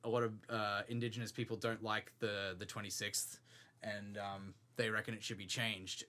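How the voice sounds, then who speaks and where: Laid-back young Australian man, bright voice. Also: lowish voice, level tone, normal speed. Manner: laid-back, joking, swears casually. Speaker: podcast co-host, band member. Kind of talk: casual chat.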